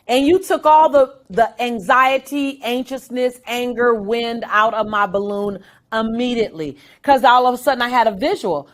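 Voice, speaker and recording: Woman guest chatting, tells stories w/ acted quotes, laughs a lot, voice on the higher side. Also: moderate pace. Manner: animated storyteller, acts out quotes. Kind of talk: casual interview conversation.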